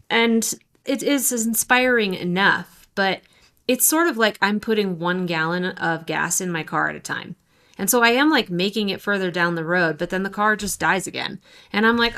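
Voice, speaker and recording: A woman's voice: on the low side, moderate pace, pushed and bright. A woman in her thirties co-hosting a podcast, chatting candidly and self-deprecatingly about her writing doubts. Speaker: podcast co-host. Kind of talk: casual chat.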